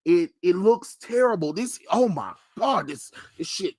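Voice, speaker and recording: A man's voice: high voice, expressive, unhurried, heavy background noise. Blunt, mocking young male streamer. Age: young adult. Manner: blunt, mocking, profane ranting. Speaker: live streamer. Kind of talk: live reaction commentary.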